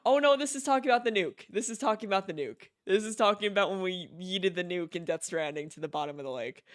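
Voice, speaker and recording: Male streamer, casual and excitable, laughs a lot, high clear voice. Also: fairly quick. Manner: excitable, laughs often, breaks off mid-sentence. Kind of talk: casual chat.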